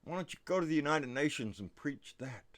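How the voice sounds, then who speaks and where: A man hosting a casual livestream, talking excitably with frequent swearing and stumbling restarts. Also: a little high, a little fast. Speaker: livestream host. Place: South Texas.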